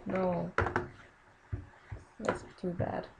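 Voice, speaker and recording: A woman's voice: lowish voice, level tone, very slow, vocal fry, heavy background noise. A young woman casually commenting on her own gameplay, exclaiming often and muttering under her breath.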